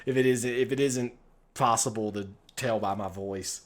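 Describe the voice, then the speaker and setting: A man's voice: mid-range voice, fairly even intonation, moderate pace. An American man streaming a text adventure game, giving casual, rambling commentary full of swearing and laughter. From United States. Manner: rambling, profane, laughs often.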